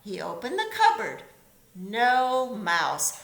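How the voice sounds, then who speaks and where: Expressive teacher reading a picture book. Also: female voice, a little high, echoey room. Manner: expressive, pauses to comment to children.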